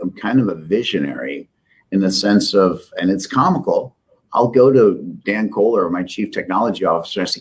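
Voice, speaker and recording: Husky middle-aged man telling stories. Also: deep voice. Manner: rambling, self-deprecating anecdotes with restarts. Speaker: software company CEO, guest. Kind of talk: casual interview storytelling.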